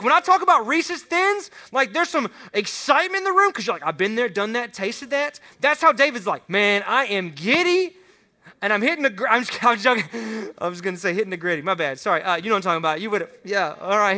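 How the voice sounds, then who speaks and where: Excitable man preaching to students. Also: high voice. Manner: casual, joking, excitable, talks straight to the students. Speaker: youth pastor. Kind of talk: youth sermon. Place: room with a student audience.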